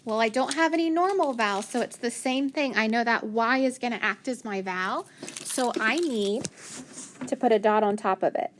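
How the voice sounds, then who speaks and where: A woman's voice: on the high side, normal speed, a little hiss or hum. Patient woman teacher sounding out words. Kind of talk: phonics lesson for young children.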